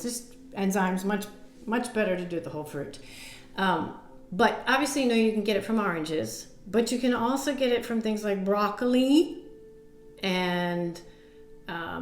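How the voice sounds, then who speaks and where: A woman's voice: medium pitch, roomy sound. A woman nutrition coach giving casual on-camera health advice, chatty, with many fillers and laughs at herself. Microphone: camera mic.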